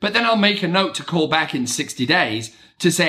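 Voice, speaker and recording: Middle-aged guy doing a motivational talk, bright voice, fairly high, jumps around a lot when he acts out his own inner voices. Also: big pitch swings, fairly quick. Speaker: real estate agent and podcast host. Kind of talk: motivational monologue.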